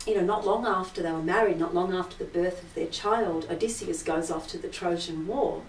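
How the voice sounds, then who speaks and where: A woman's voice: lowish voice, a little mellow, a little hiss or hum. A woman singer hosting a live-stream concert, chatting casually between songs and rambling through myths with many fillers. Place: indoor room with an altar. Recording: roomy echo, heard from a distance.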